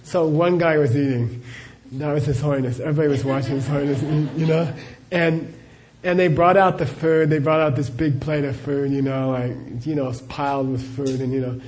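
A man's voice: a little high, steady tone, a little fast, hardly any pauses, darkish tone. Chatty middle-aged male Buddhist teacher. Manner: chatty, laughing storyteller, many "you know"s. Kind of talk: live Q&A talk with anecdotes.

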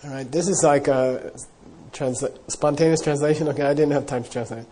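A man's voice: fairly high pitch, steady tone, a little fast, mellow, a little hiss or hum. A man teaching as a Buddhist teacher, telling a story in a casual, rambling way with many fillers. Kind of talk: dharma talk storytelling.

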